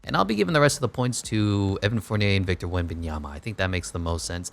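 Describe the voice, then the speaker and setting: A man's voice: low-pitched, quick pace, vocal fry. A man giving casual play-by-play commentary over a basketball video game, with wry joking asides. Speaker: gaming YouTuber.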